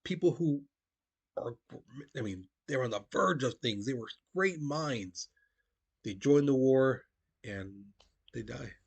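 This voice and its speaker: A man's voice: mid-range voice, animated, a little slow, gravelly, long pauses. A male history teacher giving a casual, conversational classroom lecture, talking to his students as "guys". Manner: conversational, addresses listeners as "guys", frequent restarts.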